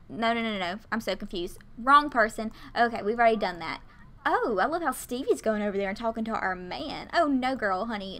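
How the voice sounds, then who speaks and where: A woman hosting a gaming video, chatting excitedly and gushing over what happens on screen. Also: on the high side. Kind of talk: excited game commentary.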